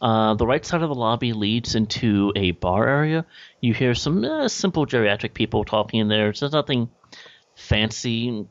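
A man's voice: medium pitch, lively intonation, moderate pace, no room sound. A man narrating a tabletop game as game master, describing scenes casually with many fillers. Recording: dull lo-fi dry recording.

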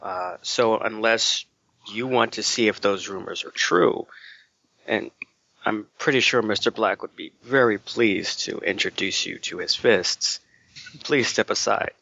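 A man voicing a composed, courteous team leader who speaks with measured formality, on a dull recording. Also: on the low side, creaky, bright, forceful tone, no echo, exaggerated voice. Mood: cool.

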